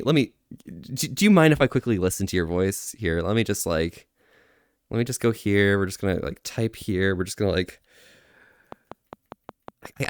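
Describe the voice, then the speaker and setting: A man's voice: on the low side, a little mellow, dry recording, clean studio sound. A young man livestreaming and chatting casually with viewers. He rambles energetically and laughs at himself. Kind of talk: casual live-stream chat.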